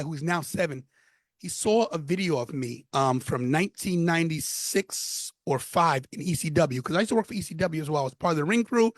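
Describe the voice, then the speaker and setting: A man's voice: fairly high pitch, no echo. A man in his fifties from Brooklyn with a New York accent, telling stories emphatically as a podcast guest. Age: 50s. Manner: animated, emphatic storytelling with repeated phrases. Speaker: podcast guest, former wrestler. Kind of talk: casual interview chat.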